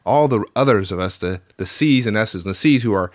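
A man's voice: lowish voice, lively intonation, no echo, clean studio sound. A man co-hosting a podcast, chiming in with short, wry remarks in casual chat. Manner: wry, quick interjections. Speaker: podcast co-host.

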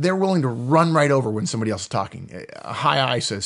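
A middle-aged man co-hosting a podcast in a fast, animated manner, often breaking into laughter. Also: mid-range voice, gravelly. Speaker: podcast co-host. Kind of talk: animated casual chat.

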